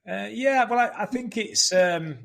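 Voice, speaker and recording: A man with a Yorkshire accent, a podcast guest chatting in a relaxed way and often restarting his sentences. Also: high voice, measured pace, gravelly. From England. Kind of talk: casual chat. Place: Gold Coast, Queensland.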